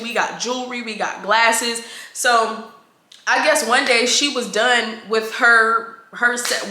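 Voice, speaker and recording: A young woman in her twenties tells a casual storytime in a bright, forceful voice pitched a little high. She is blunt, slangy and animated, and her voice bounces off an echoey room. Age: 20s. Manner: animated, slangy and blunt, quotes coworkers in quick asides. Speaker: vlogger.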